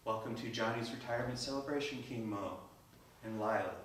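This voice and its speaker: A man voicing a radiant young woman giving a quiet, gracious welcome, in an echoey room from far off. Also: mid-range voice, brisk, slight background noise, pitched below the performer's own voice, lightly acted.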